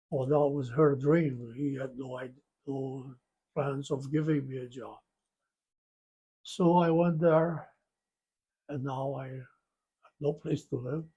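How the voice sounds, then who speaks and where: Slow, husky old man reminiscing. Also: medium pitch. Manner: halting, rambling with restarts and soft chuckles. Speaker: interviewee. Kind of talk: storytelling interview.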